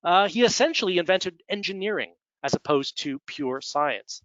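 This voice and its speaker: A man's voice: sits high, expressive, moderate pace, a bit bright, no room sound, lo-fi sound. A man with an American Midwestern accent giving a conversational slide presentation, adding dry humorous asides. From United States. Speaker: speaker at executive development webinar.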